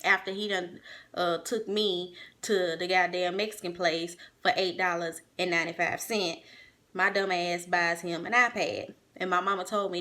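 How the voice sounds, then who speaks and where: A young woman with a bright, forceful voice tells a story from her own life. She talks casually and bluntly, cussing freely and speaking straight to her listeners as y'all. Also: fairly low pitch, steady tone, moderate pace. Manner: frank, profane, addresses listeners as y'all.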